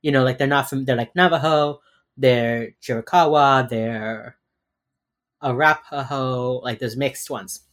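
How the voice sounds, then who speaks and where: Man, podcast co-host, rambling recap, casual chat, average pitch. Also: a bit bright. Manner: rambling, quick recap full of fillers.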